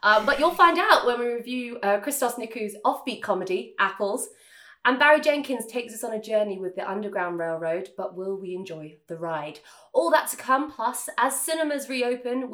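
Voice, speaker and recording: A woman's voice: on the high side, fairly bright tone. A woman hosting a film podcast, playful and jokey, bouncing through the intro and teasing her co-hosts. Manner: playful, jokey, quick to laugh. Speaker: podcast host. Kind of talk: casual film podcast chat.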